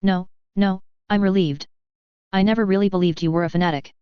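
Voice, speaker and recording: A woman's voice: medium pitch, fairly even intonation, fairly quick, clean tone, dry recording, dull audio, lightly acted. A woman voicing a smug, mocking young nobleman in a fan fiction reading, her tone smirking and taunting.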